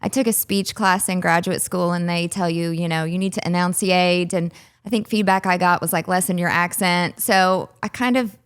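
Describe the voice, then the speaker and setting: A woman with a Southern US accent, a relationship coach and psychologist, explaining things clearly and patiently as an interview guest. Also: on the low side, steady tone, moderate pace.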